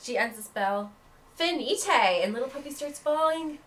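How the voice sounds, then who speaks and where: A woman narrating as game master in an animated storytelling manner. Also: sits high, moderate pace.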